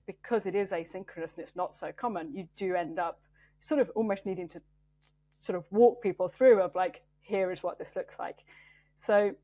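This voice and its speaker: A woman's voice: mid-range voice, darkish tone. Thoughtful woman engineering manager, interview guest. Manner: thoughtful, with many fillers and restarts. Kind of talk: interview conversation.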